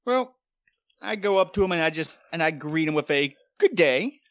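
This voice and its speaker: Male player, animated, higher voice, dry close mic. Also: brisk, no room sound. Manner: animated, laughing. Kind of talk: tabletop game play.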